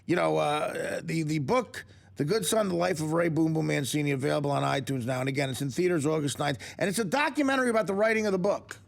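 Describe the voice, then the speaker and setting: A man's voice: on the high side, fast talker, gravelly. A man hosting a radio talk show, joking and wisecracking with his guests.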